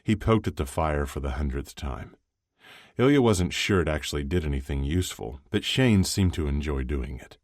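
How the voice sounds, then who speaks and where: A man narrating a story aloud in a steady, even storytelling delivery. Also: rumbling low, dry recording, studio quality. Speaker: audiobook narrator. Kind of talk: scripted narration.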